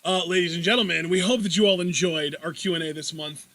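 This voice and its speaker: A man co-hosting a casual Q&A show, joking and energetic, wrapping up the episode. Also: high voice, quick pace. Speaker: podcast co-host. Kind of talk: casual chat.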